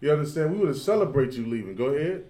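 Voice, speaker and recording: A man's voice: medium pitch, lively intonation, racing, warm tone. A man explaining scripture in a casual bible study, with loose slang and frequent "you know what I'm saying". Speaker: bible class teacher.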